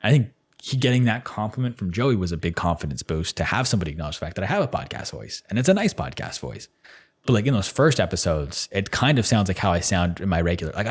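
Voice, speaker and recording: A man in his twenties rambles casually through a solo monologue on his own podcast, full of fillers. His voice is low, animated and slightly rough, and he talks fast.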